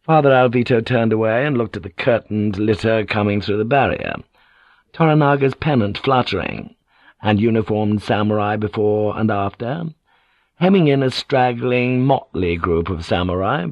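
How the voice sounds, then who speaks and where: A man reading a novel aloud as narrator, in steady, even storytelling. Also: on the low side, moderate pace, no room sound, dull audio. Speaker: audiobook narrator. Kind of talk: scripted narration.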